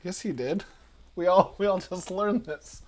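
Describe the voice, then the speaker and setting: A player chatting casually at a game table, asking slow questions. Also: medium pitch, a little mellow.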